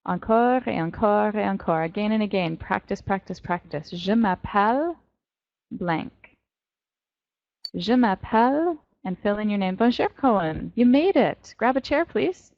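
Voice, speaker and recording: A woman's voice: mid-range voice, lively intonation, creaky, no echo. Woman teacher drilling pronunciation, lo-fi. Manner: encouraging, drills pronunciation slowly. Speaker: French teacher. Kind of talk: online class teaching. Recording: dull, dry lo-fi audio.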